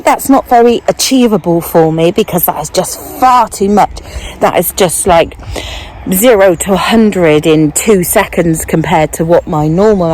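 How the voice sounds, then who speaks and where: An older woman chatting casually as she walks outdoors, getting out of breath, and thinking aloud in an unhurried way. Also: medium pitch, dark tone, a little hiss or hum, poor audio. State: out of breath while walking. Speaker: vlogger. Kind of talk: casual walking vlog. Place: outdoors, walking.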